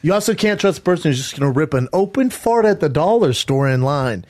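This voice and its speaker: A man's voice: on the high side, animated, a little fast, darkish tone. A man co-hosting a podcast in casual chat, blunt and joking, swearing a lot. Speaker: podcast co-host.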